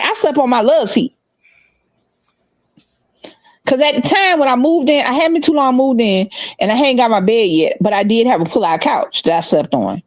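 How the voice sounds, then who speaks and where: A middle-aged woman telling a story in casual chat, animated and laughing, acting out the other people's voices. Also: high voice, no room sound. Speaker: podcast co-host.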